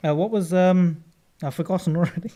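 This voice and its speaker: A man co-hosting a casual comedy podcast, rambling and hesitant as he overthinks his guesses out loud. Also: high voice, a little fast. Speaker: podcast co-host, guessing player. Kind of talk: casual banter.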